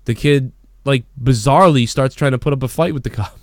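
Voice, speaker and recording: A man hosting a podcast, telling a rambling, profane story in an excitable, casual way. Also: medium pitch, brisk, no room sound, studio quality. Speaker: podcast host.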